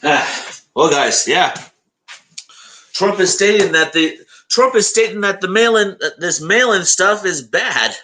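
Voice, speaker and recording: A man's voice: sits high, expressive, unhurried, bright, forceful tone, a little hiss or hum. A young man hosting a casual live stream, chatting to his viewers and greeting them by name. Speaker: live-stream host reacting to election coverage.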